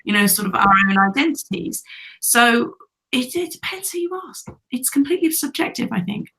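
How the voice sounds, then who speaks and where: A woman's voice: on the high side, expressive, moderate pace, vocal fry, bright, forceful tone. A British woman talking casually on a video call, hesitant and full of restarts, laughing often. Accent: British English. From United Kingdom. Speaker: guest.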